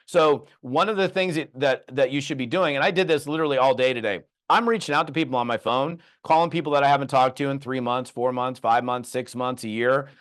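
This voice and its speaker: An animated middle-aged man coaching network marketers. He tells stories and acts out both sides of quick conversations, with a voice pitched in the middle for a man. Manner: lively storytelling with acted-out dialogue. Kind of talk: animated training talk.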